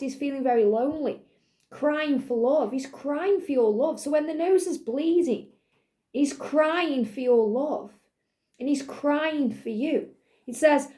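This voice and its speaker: A woman giving a spiritual reading to her viewers, talking earnestly and reassuringly, with many "you know"s, and now and then clearing a slight cough from her throat. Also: high voice, dark tone. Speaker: spiritual reader. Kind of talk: channelled tarot-style reading to viewers.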